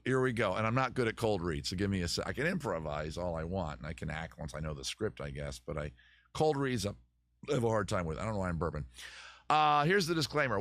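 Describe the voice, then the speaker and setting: A man's voice: sits low, lively intonation, fast talker, a bit bright, no room sound. A man hosting his live-stream chat show close to the microphone, rambling, joking and poking fun at himself. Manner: rambling, joking and self-mocking.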